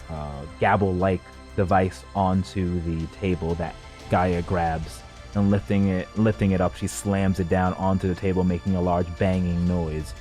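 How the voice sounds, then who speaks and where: Low-voiced man narrating as game master. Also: darkish tone. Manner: halting, many fillers and restarts while describing scenes.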